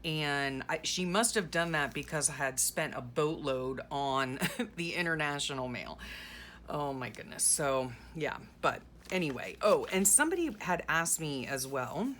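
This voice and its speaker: Chatty low-voiced woman crafting. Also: lively intonation, measured pace, fairly bright tone, slight background noise. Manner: chatty, rambling, sarcastic asides. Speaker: journaling vlogger. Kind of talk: casual chat while crafting.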